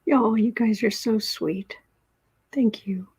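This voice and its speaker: Husky-voiced woman hosting a tarot livestream. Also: fairly high pitch, takes it slowly. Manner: soft-spoken, cooing to a pet cat between readings. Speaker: tarot reader and livestream host. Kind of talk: casual livestream chat, reading comments.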